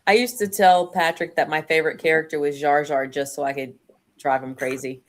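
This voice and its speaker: Low-voiced woman hosting a chat stream. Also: steady tone, brisk. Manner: chatty, laughs easily. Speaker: host. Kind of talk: casual chat. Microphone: video call.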